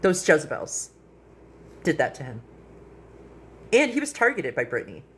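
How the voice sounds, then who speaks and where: A middle-aged woman, an activist, telling her own experience in a frank, animated way on a casual live stream. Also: sits low, moderate pace, slight background noise. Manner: animated, quotes people in lively voices; frank and blunt.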